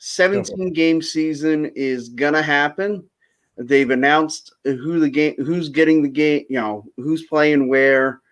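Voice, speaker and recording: A man hosting a casual sports chat, easygoing and a bit hesitant, an eager football draft fan. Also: a little high. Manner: easygoing, self-described draft geek, hesitant fillers. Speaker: host.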